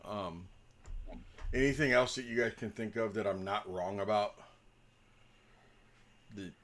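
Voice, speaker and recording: A man's voice: fairly low pitch, a little slow. A man talking casually as dungeon master before a tabletop game, rambling and joking with lots of ums.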